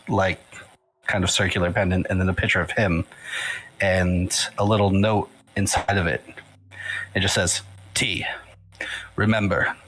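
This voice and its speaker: A man with a lowish voice serves as game master for a tabletop game. He narrates loosely, with plenty of fillers and restarts. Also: low-quality recording. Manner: relaxed, filler-heavy narration.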